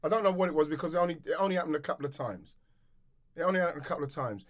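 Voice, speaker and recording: Animated, laughing man. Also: fairly high pitch, very fast. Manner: animated, laughing, repeats himself when storytelling. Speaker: podcast co-host, former footballer. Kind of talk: casual chat.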